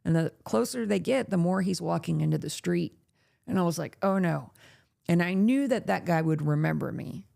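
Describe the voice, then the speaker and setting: A woman's voice: lowish voice, moderate pace, gravelly. A woman hosting a late-night chat, telling a story casually and acting out the voices of people she quotes. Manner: animated, acts out quoted voices. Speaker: podcast host.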